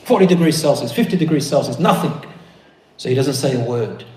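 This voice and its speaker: A man preaching a sermon to brothers and sisters, telling a story with animated, rising emphasis. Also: mid-range voice, fairly quick. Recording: echoey room.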